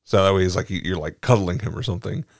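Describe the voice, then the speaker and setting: A man co-hosting a casual podcast who tells stories with frequent laughter and jumps up into a high register. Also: fast talker, no room sound, studio quality. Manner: laughs a lot, goes to high, giggly peaks when telling stories. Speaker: podcast co-host. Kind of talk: casual storytelling chat.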